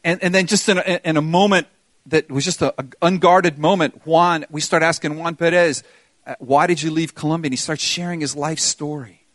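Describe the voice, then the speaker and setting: A middle-aged man delivers a sermon in a fairly high voice. He reads scripture with feeling and leans on repeated phrases. The recording is dry and close. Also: fairly even intonation, normal speed, fairly bright tone, no echo. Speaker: pastor.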